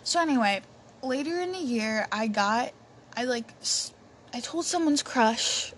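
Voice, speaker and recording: A woman's voice: on the high side, animated, measured pace. A young woman telling a personal story in a chatty way, with many fillers and restarts. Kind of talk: casual storytelling. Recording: faint background noise.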